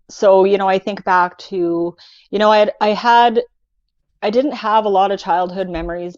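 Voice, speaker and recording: Halting woman on a dull video call. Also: medium pitch, no echo. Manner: hesitant, halting, many fillers. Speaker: guest. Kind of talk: personal recovery testimony.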